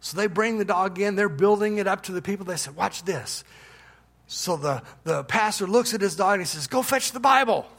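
A man preaching as pastor, in a relaxed storytelling manner with restarts and asides. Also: high-pitched, fairly quick, hardly any pauses. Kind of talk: sermon with a told joke. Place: church.

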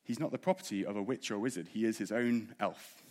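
A man's voice: lowish voice, fast talker, a little mellow. A man preaching a sermon in an earnest way, asking the congregation rhetorical questions.

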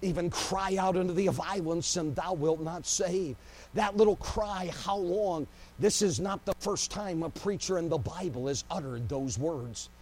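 A man preaching a sermon with great passion, swinging between loud cries and hushed, low passages. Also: moderate pace. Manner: impassioned, swings from shouting to hushed.

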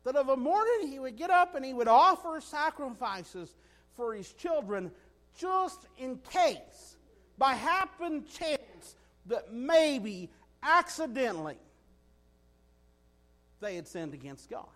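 A man preaching a sermon in a folksy, animated way, often asking his listeners "right?". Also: very high-pitched, unhurried.

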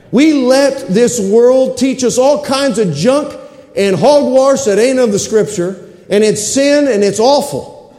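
High-voiced preacher in an echoing church. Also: male voice, warm tone. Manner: rhythmic preaching, repeated phrases and whoops. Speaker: pastor. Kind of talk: sermon. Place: church sanctuary. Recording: echoey church hall.

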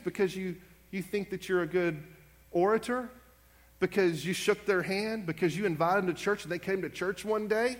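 A male pastor delivers an impassioned sermon in a somewhat high voice, pressing his points with growing urgency. His words ring out with a long reverb tail from the church sanctuary around him. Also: brisk. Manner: impassioned, rising to urgent emphasis.

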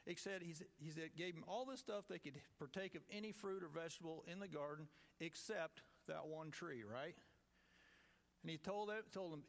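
A man's voice: fairly high pitch, normal speed, vocal fry. Folksy man preaching casually. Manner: folksy, conversational, jokes with the audience. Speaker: lay preacher with a farm group. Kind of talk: informal sermon.

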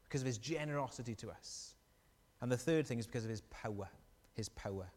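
A man preaching a sermon, animated and storytelling, asking the congregation questions. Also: mid-range voice, quick pace, long reverb tail.

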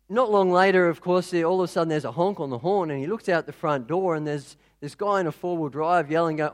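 A man telling a story in a relaxed, conversational sermon. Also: on the high side, a little fast, few pauses.

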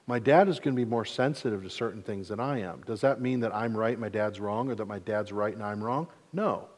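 A man's voice: on the low side, a little fast, big-room sound. A man in his forties from mid-Michigan, preaching a sermon in a casual, joking way and acting out quotes. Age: 40s. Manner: conversational, self-deprecating humor with acted-out quotes. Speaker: pastor.

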